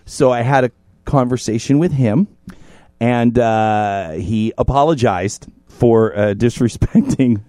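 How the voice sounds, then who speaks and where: A man co-hosting a podcast, telling a story in casual chat, animated and profane, in a podcast studio. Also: mid-range voice, no room sound. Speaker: podcast co-host. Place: podcast studio in North Hollywood.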